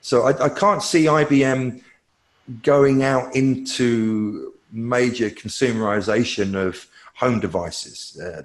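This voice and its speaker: Lowish-voiced guy, tech analyst answering questions, lots of ums and restarts. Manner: thinking aloud with fillers and restarts. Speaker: cloud technology analyst, guest.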